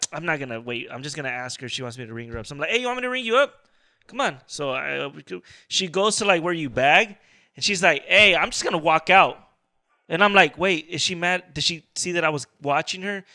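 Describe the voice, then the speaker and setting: A man's voice: fairly high pitch, dry recording. A man co-hosting a casual podcast, telling a story with animation and acting out the dialogue. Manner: animated, acts out dialogue in his stories. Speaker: podcast co-host.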